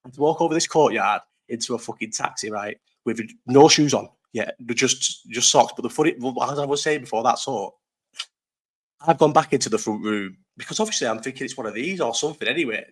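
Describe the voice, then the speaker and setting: A man's voice: medium pitch, a little fast. A man in his thirties hosting a casual live chat, rambling through stories, swearing freely and laughing often. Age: 30s. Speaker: live stream host. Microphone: desk mic set too low.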